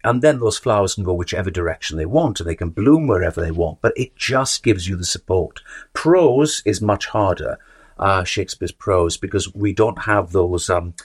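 Husky low-voiced man, thoughtful guest. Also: animated, moderate pace. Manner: thoughtful, hesitant, repeats words while searching for phrasing. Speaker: actor and teacher, interview guest. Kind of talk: reflective conversational interview.

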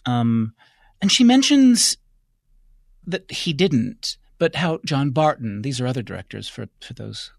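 A man hosting an interview, asking measured questions and laughing easily. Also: medium pitch, sing-song, gravelly, no echo, clean studio sound. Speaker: interviewer and host. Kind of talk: radio-style interview.

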